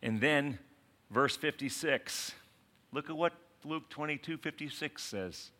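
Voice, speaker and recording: A man preaching a sermon in an animated way, acting out quotes and asking the congregation questions. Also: on the high side, unhurried. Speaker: pastor.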